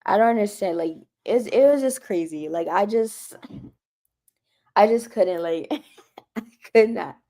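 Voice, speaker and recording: A woman on her own livestream, talking at an unhurried, slow pace in a middling voice. She chats casually and retells a conversation, filling it with "like" and little restarts. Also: mid-range voice, warm tone. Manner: chatty, retells conversations, many "like" fillers. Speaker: Christian livestreamer.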